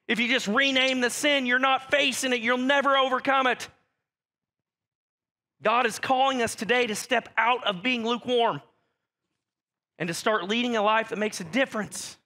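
High, bright-voiced man preaching a sermon. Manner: direct, conversational preaching addressing the church. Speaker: pastor.

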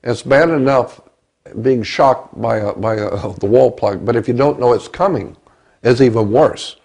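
An older man with a gravelly voice tells a story from his own life in an interview. He speaks slowly and haltingly and often stumbles over his words. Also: mid-range voice, a little mellow. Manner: halting, repeats words, slow. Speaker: interview guest. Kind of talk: recounting a personal story.

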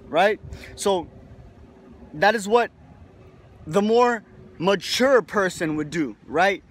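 Young male host, high-pitched voice, rambling profane self-help talk full of "right?" tags. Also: lively intonation, slow pace, pauses often. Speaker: video host. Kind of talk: casual motivational monologue.

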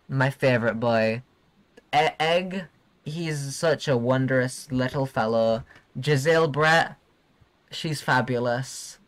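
A young man streaming a video game live, chatting excitably and giggling with his viewers. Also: a little high. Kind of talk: live gameplay commentary.

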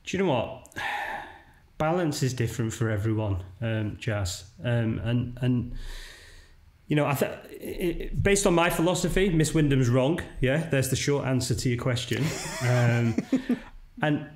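A middle-aged man talks through his career in a relaxed, conversational way, and he keeps checking in with the listener. His voice has a mid-range pitch, and it sits in a noticeably echoey room. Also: unhurried. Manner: chatty, keeps checking in with "right?". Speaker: podcast guest, dental marketing entrepreneur. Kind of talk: casual conversational interview. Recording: roomy echo.

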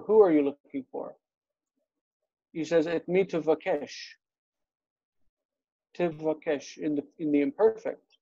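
A man with a mellow, gravelly voice teaches an online class. He explains patiently and walks through examples step by step. His voice sounds muffled and close, like dull video call audio with no room around it. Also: a little high, no echo. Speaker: Hebrew teacher.

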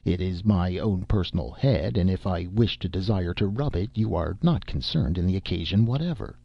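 Man doing a pompous wordy detective, gravelly voice, dull dry sound. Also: low-pitched, animated, normal speed, exaggerated voice. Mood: stiffly dignified. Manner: stiff, pompous and long-winded. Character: pompous, wordy small-town male detective.

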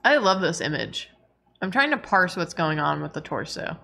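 A woman co-hosts a casual game stream with a bright, sharp voice. She is playful and keeps cracking jokes as she chats. She laughs easily. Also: lowish voice, big pitch swings, normal speed, creaky, a little hiss or hum. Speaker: stream co-host. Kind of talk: casual let's-play chat.

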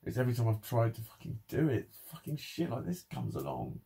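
Gravelly, swearing man ranting. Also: mid-range voice, wildly swooping pitch, brisk, mellow, slight background noise. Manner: swears constantly, frustrated and bitter. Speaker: vlogger. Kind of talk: angry personal vlog rant.

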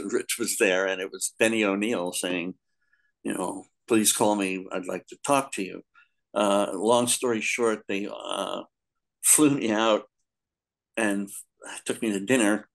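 Low-voiced man telling career stories. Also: low-quality recording. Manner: animated, quotes others in raised voices, laughs often. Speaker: guest, comics editor. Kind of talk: casual interview storytelling.

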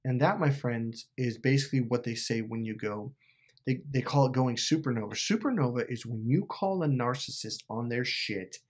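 A man talks straight to his viewers in an emphatic rant, swearing freely and repeating words for force. His voice is husky, with a middling pitch. He sounds casual and unscripted. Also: moderate pace. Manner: profane, emphatic, repeats himself. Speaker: YouTuber.

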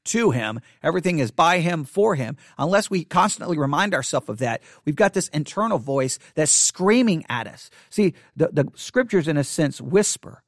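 A male pastor teaching catechesis in sermon style, emphatic and repetitive, hushing his voice for quoted thoughts. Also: a little high, expressive, moderate pace, hardly any pauses, no room sound, studio quality.

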